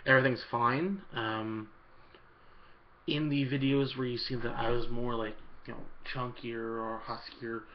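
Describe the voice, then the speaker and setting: A man talks at a middle pitch in a casual question-and-answer vlog, rambling and relaxed, filling pauses with ums and uhs. The recording sounds dull and lo-fi, with a faint hiss underneath. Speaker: YouTuber answering viewer questions.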